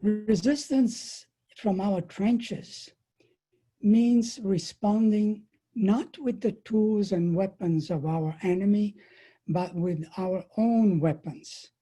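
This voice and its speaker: A woman giving a prepared political talk at an online webinar, measured and deliberate, pressing hard on key words. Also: medium pitch, mellow, husky, rough recording. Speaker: webinar speaker. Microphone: computer mic on a video call.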